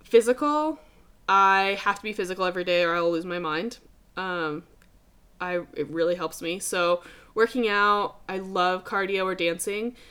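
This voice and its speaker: A woman's voice: fairly low pitch, normal speed, fairly bright tone, smooth. A young adult woman hosting a podcast, talking casually and emphatically, swearing freely and calling listeners dude. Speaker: podcast host. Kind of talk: casual motivational podcast talk.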